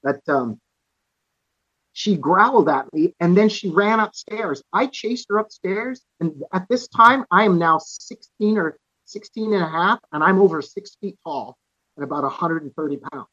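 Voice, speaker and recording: Earnest storytelling man, slightly high voice. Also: expressive, normal speed, bright, forceful tone, slightly rough, no room sound, dull audio. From Canada. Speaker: podcast guest, author and musician. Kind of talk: personal storytelling in conversation.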